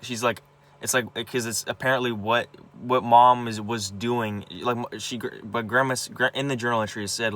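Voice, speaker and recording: A man's voice: on the low side, fairly bright tone. A young man venting about his family, upset and agitated, stumbling over his words with many restarts and repeated words, and swearing heavily. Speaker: vlogger. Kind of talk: personal venting monologue.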